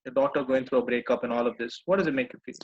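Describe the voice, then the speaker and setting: A man coaching a live group, gently repeating reassuring phrases. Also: medium pitch, rapid-fire, muffled recording. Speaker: personal growth coach.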